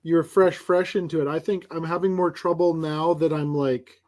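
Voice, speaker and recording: A man's voice: on the high side, steady tone, normal speed, a little mellow. A man in a casual stream chat, teasing and joking with friends.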